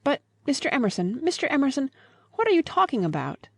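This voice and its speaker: A woman's voice: sits high, very animated, fast, gravelly, dry recording, studio quality, voice pushed up, full character voice. A woman reading the part of a proper young Englishwoman in an audiobook, agitated and exclaiming.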